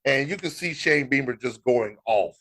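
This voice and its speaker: Lively animated American sports podcaster. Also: male voice, medium pitch, normal speed. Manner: animated, laughing, mock-exasperated banter. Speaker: podcast co-host. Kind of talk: casual sports talk.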